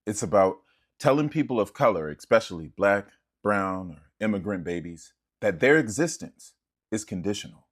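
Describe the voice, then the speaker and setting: A man delivers fiery commentary in short, punchy rhetorical lines. His voice is husky and fairly low, and it swings widely in pitch. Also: lively intonation, moderate pace. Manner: impassioned, preacher-like, profane, punchy rhetorical lines.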